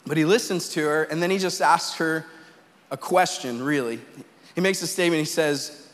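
Pastor guy preaching, talks like a chat with lots of "right?", high voice, big hall echo. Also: normal speed, a bit bright. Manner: conversational preaching, tag questions, rising to fervent quoted pleas. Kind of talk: sermon. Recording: long hall reverb.

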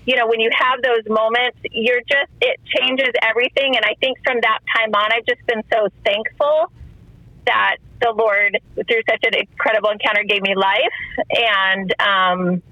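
A woman in her forties tells a deeply personal story, her voice bright and forward. She slips into the voices of the people she quotes, sometimes on the edge of tears. The sound is close and dry. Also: normal speed, no room sound, low-quality recording. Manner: tearful, animated retelling with quoted dialogue. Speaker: guest.

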